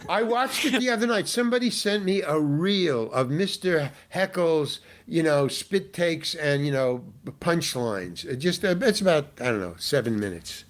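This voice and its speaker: Older man, guest actor, animated rambling storyteller, rather high voice, very lively pitch. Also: moderate pace, hardly any pauses. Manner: animated, rambling, frequent restarts, exasperated asides. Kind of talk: casual interview storytelling.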